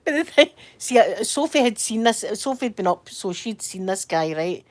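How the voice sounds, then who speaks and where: A woman's voice: fairly high pitch, expressive, moderate pace, darkish tone. A Scottish woman chatting casually from bed during a livestream, telling rambling stories and answering viewer comments. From Scotland. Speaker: livestream host. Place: in bed at home.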